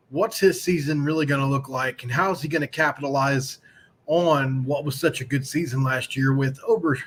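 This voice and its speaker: A man's voice: mid-range voice, a bit bright. A man hosting a casual live-streamed sports talk show, speaking in a loose, rambling way and greeting chat viewers by name.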